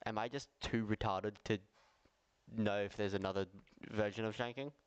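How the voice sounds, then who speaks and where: Australian male streamer, lowish smooth voice, chatty reaction commentary. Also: steady tone, moderate pace, highs cut off. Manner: chatty, laughs easily, puzzled asides.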